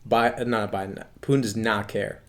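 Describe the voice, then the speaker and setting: A man's voice: lowish voice, fairly even intonation, moderate pace. A man co-hosting a podcast, chatting casually about politics and drawing sports comparisons. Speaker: podcast co-host.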